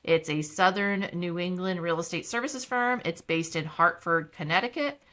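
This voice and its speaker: A woman's voice: on the low side, normal speed, a bit bright. A middle-aged woman hosting a casual interview, upbeat and chatty, laughing easily. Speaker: host.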